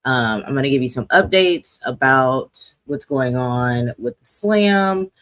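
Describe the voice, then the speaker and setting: 40ish livestream host, talks slow, chatty and rambly, pokes fun at self. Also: mid-range voice, expressive, fairly bright tone, no echo. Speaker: host of a poetry slam's monthly livestream. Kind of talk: casual livestream chat.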